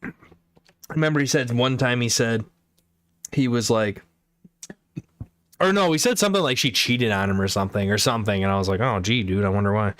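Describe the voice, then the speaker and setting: A man's voice: medium pitch, animated, normal speed, pauses often, a bit bright, no echo. Laughing, slangy man telling stories. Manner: slangy, profane storytelling with frequent laughter. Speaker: livestream host. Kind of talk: casual chat.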